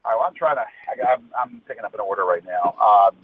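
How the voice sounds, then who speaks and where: A man's voice: fairly low pitch, lively intonation, quick pace, husky. A man on a phone call, ranting angrily with heavy swearing and stammered restarts. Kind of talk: heated phone conversation. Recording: tinny phone line with faint noise.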